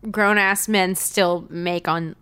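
A woman's voice: fairly low pitch, steady tone, takes it slowly, sharp tone, smooth. A young woman co-hosting a podcast, recapping a book in wry, self-deprecating casual chat and laughing often. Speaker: podcast co-host.

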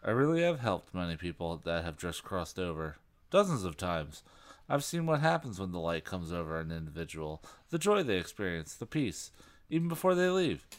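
A man's voice: low voice, sing-song, moderate pace. A man co-hosting a comedy podcast, reading a book aloud with dry, mocking asides. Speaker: podcast co-host.

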